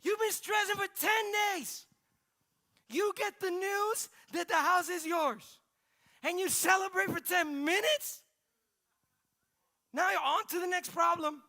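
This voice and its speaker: A man voicing a brash, incredulous male spirit who talks like a gangster and scolds loudly. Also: extremely high pitch, a little slow, long pauses, pitched above the performer's own voice, exaggerated voice. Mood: incredulous scolding. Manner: loud, scolding, disbelieving.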